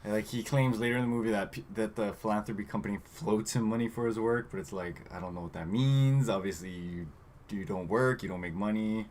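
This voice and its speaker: A man's voice: on the low side, steady tone, brisk, a little mellow, slight background noise. A man co-hosting a podcast, recapping a movie in casual chat and reading from his notes with lots of fillers. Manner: rambling, trails off with fillers, reads from notes. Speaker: podcast co-host.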